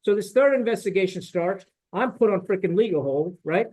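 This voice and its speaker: A middle-aged man with a high-pitched voice tells a long personal story in a candid podcast conversation. He is blunt and indignant and swears freely. He leans on fillers and keeps checking in with "right?" as he makes his points. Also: lively intonation, brisk, a little mellow, poor audio. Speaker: podcast guest, retired military officer.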